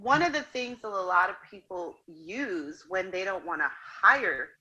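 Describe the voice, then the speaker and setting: Bright-voiced woman hosting a podcast. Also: mid-range voice, animated, measured pace, muffled recording. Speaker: podcast host. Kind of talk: interview conversation.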